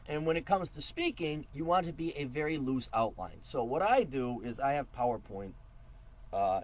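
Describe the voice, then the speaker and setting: A middle-aged man giving advice in a casual monologue, blunt and profane with a mocking edge. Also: fairly high pitch.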